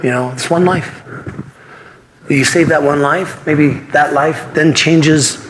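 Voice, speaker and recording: A fairly high-pitched man in his fifties speaks slowly over slight background noise. He's a martial arts instructor appearing as an interview guest, sharing earnest personal stories and performing the dialogue of the people in them.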